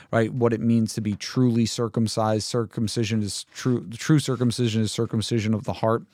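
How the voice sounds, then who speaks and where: A man's voice: medium pitch, a little mellow, no echo, studio quality. Man giving a casual Bible teaching. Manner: conversational, asks listeners rhetorical questions. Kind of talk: informal Bible commentary.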